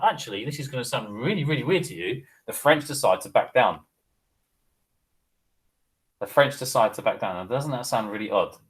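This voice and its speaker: A history teacher gives an informal, chatty lesson, often wandering off on tangents and checking in with the viewer by asking "okay?" His voice is mid-range, and the recording is rough.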